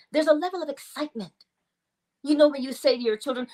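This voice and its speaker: A woman with a fairly high voice leads a spiritual teaching session. She talks in an animated, lively way, slips into little acted voices when she quotes people, and often breaks into laughter. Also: brisk. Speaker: host and teacher. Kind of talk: spiritual teaching with audience questions.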